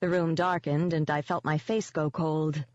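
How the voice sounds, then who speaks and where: An audiobook narrator reading a first-person novel in a steady, measured way. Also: medium pitch, dry recording. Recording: dull, dry lo-fi audio.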